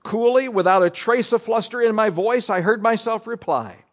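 A man with a high voice delivers a sermon. He reads a long passage aloud with deliberate care and breaks off now and then to add quick asides to his listeners. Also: big pitch swings. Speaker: preacher. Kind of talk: sermon, reading scripture and an article aloud.

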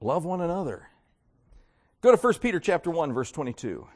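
A man's voice: on the high side, sing-song, fairly quick. A male pastor preaching a sermon, acting out mocking voices of churchgoers as he goes.

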